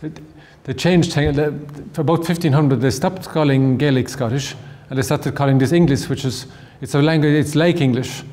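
A man's voice: a little high, moderate pace, hardly any pauses, a little mellow, in a large hall. A man with a southern Irish accent giving an online lecture, often repeating words as he restarts his sentences. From Ireland.

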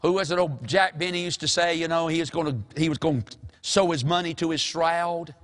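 An older man, preaching a folksy sermon as pastor and calling out to the congregation. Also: on the high side. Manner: folksy, animated preaching with call-and-response.

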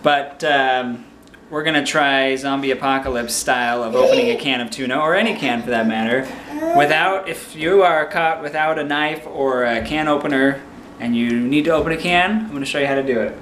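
A man talks through a casual demonstration outdoors in an easy, instructive way. His voice sits at a middle pitch, with a roomy echo around it and a clear wash of background noise. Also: brisk, a bit bright. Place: outdoors on cement.

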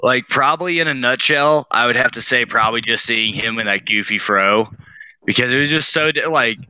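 A man's voice: mid-range voice, a little fast, pushed and bright, lo-fi sound, slight background noise. A man speaking casually and hesitantly as a guest on a video call. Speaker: panel guest.

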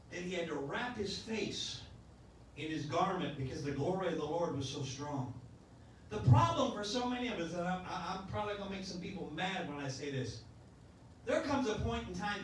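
Sixty-something preacher, high and echoey. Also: male voice, slight background noise. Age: 60s. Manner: folksy preaching with repeated restarts. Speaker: pastor. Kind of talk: sermon. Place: church sanctuary. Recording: echoey church sound from a distance.

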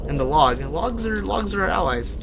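A young man livestreaming a horror game, chatting casually with viewers, joking and shouting when startled. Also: sits high, lively intonation, moderate pace, vocal fry, noisy background. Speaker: livestreaming gamer. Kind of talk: casual live gameplay commentary.

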